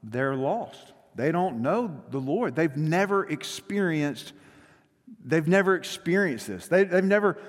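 A male pastor preaching a sermon in a conversational, joking way, rushing through some phrases. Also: fairly high pitch, big-room sound. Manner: conversational and joking, with quick rushes.

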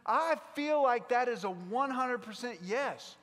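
A man with a South Mississippi drawl preaches with a fairly high voice. He surges loud and then drops to near hush. The sound rings with a long church-hall reverb. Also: animated, a little slow. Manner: impassioned preaching, swinging from loud to hushed. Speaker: pastor. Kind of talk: sermon.

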